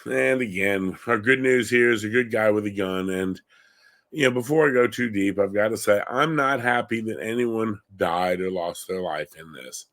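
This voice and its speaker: This is a middle-aged Long Island, New York host of a gun-focused show, with a lowish, slightly bright voice at normal speed. He gives opinionated commentary in an indignant tone that rises into heated emphasis.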